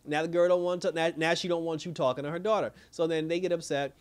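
Male reviewer, slightly high voice, loose, slangy, laughing recap. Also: fast, clear, resonant tone. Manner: animated, laughing, slangy storytelling. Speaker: TV episode reviewer. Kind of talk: casual recap and commentary.

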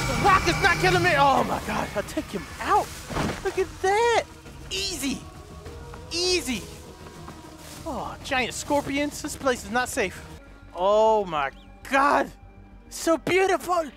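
A man giving excitable let's play commentary, with loud outbursts and giggly laughter. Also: extremely high pitch, measured pace, music in the background. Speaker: gaming YouTuber.

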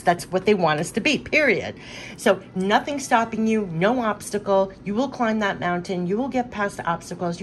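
A woman's voice: lowish voice, a little hiss or hum. A woman giving a spiritual card reading, speaking in an effusive, emphatic way and repeating affirmations again and again. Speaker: tarot card reader.

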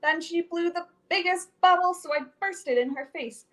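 A young woman storyteller reading a rhyming picture book aloud to children in an animated, sing-song way with dramatic swings. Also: extremely high pitch, normal speed, hardly any pauses. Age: young adult.

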